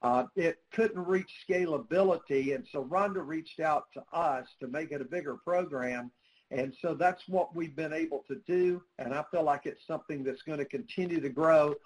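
A man's voice: fairly high pitch, moderate pace, low-quality recording. A man speaking for a nonprofit in a conversational interview, earnest and storytelling, with frequent "uh" fillers. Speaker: nonprofit spokesperson.

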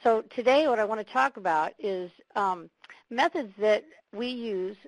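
A woman speaker with a slightly hoarse voice from a cold, presenting her research in an academic webinar with frequent ums. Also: mid-range voice, measured pace, no echo, rough recording. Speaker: webinar speaker, engineering professor.

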